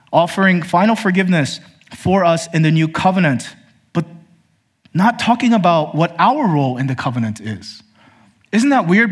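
A male pastor delivering a sermon in a fairly high voice. He argues with the room, lifting his pitch on questions and sinking to near-hushed tones for the key lines, addressing listeners as brothers and sisters. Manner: emphatic, rising to high questions then dropping low and quiet.

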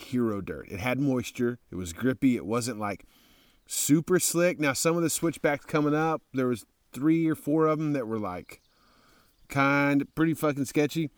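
A man from Texas, a motorcycle traveler, telling a rambling, profane travel story in a casual, excitable way. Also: medium pitch, no room sound, studio quality.

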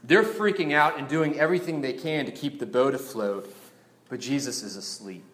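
A man's voice: medium pitch, normal speed. Conversational preacher man in an echoey room. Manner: conversational, animated, asks rhetorical questions. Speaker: pastor. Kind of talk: sermon.

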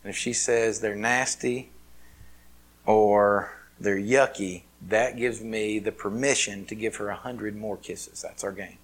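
A pastor with a somewhat low voice preaching in a loose, chatty way, full of fillers and restarts. He surges to loud, emphatic highs, then drops to near-hushed asides. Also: steady tone, unhurried, rough recording. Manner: casual, filler-heavy delivery with many restarts; swings between loud emphatic peaks and quiet, hushed asides. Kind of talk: conversational sermon.

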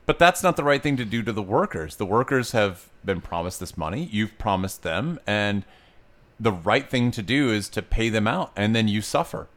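A male podcast co-host with a fairly low voice, talking casually about movies. He is blunt and outspoken and does not hold back on swearing. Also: expressive, normal speed, a bit bright. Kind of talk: casual movie-review chat.

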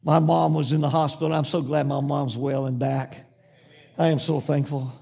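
A man's voice: a little high, flat delivery, moderate pace, vocal fry, warm tone, slightly rough. A man preaching a sermon as pastor, moving from fervent repeated phrases to folksy personal storytelling. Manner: impassioned preacher with rhythmic repetition.

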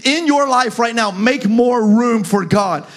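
A man preaching a sermon as pastor, talking the crowd through points and rising into fervent, shouted calls. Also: extremely high pitch, unhurried.

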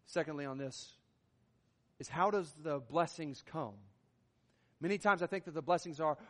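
A man's voice: on the high side, normal speed, pauses often. A man preaching a sermon as pastor, with an emphatic delivery that swells and drops in volume. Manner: emphatic, rising and falling in volume. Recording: long hall reverb.

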